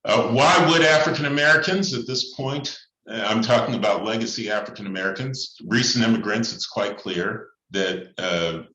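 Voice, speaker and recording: A priest speaking in a thoughtful, measured way, pausing often with fillers as he lays out his points. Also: fairly low pitch, sharp tone. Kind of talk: reflective talk on church and society. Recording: echoey room, slightly dull sound.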